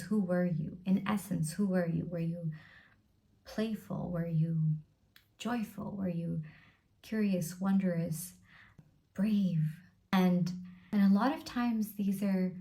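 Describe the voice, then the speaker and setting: A woman's voice: on the low side, mellow. A woman vlogger talking to camera at home in an earnest, emphatic motivational style, building her points through repeated lists. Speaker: self-help vlogger.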